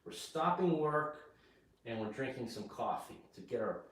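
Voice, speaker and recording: A man teaching English at home, speaking slowly and plainly and checking in with "okay?" after nearly every phrase. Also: medium pitch, expressive. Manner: slow and repetitive, checks in with "okay?". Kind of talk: slow spoken English lesson. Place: home kitchen. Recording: echoey room, mic far off.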